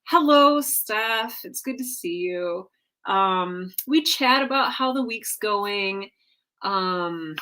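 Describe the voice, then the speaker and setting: A woman's voice: medium pitch, pushed and bright. A woman hosting a casual weekly livestream from home, chatting with her viewers in a rambling way, full of fillers and self-corrections. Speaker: livestream host. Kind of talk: casual chat with a live audience.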